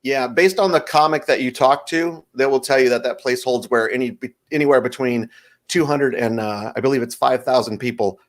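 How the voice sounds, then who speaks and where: A man's voice: mid-range voice, brisk. Forties male comic, easygoing storyteller, mid-range voice, interview guest. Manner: animated storyteller, acts out bits. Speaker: stand-up comedian guest. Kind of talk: stand-up set then casual interview.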